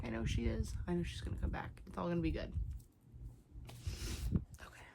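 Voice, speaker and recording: Young woman, book vlogger, low gravelly voice, tearful and exclaiming, noisy home recording. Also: lively intonation, brisk, long pauses, whispered. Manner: emotional, exclaiming and muttering to herself, recapping the plot. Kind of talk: casual reading vlog reactions.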